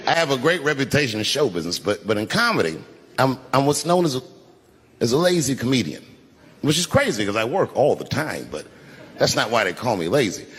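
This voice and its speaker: Lively male stand-up comedian in a big hall. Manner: lively storytelling, drops his voice low for quoted lines. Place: large live venue. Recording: echoey large venue with loud ambience.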